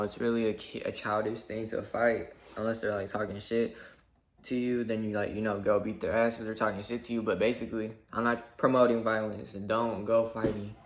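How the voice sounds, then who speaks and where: A man's voice: medium pitch, a bit bright. A young man telling a story in a casual, rambling rant, swearing a lot and leaning on fillers like "like" and "basically". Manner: rambling, profane, full of fillers. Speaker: vlogger.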